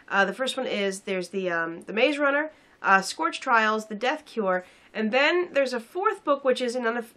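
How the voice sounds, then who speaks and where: Young woman film critic, sarcastic and rambling, slightly high-pitched. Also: sharp tone. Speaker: film reviewer. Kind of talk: casual chat review.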